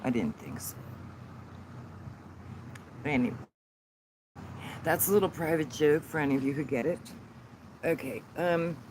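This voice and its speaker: Out in a sunny yard, a sobriety channel host holds his phone and chats on a casual livestream, rambling and stopping often as he fumbles to work out the settings. His voice is a bit high and slow, with passing cars and outdoor hum clearly audible throughout the road-noisy phone stream.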